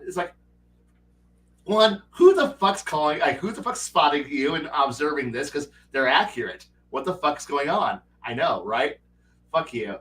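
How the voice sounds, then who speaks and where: Animated, profane man telling game stories. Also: on the high side, unhurried, pauses often, far from the mic, a little hiss or hum, low-quality recording. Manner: animated, profane storytelling with acted player quotes. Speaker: stream host and game master. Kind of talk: casual livestream chat.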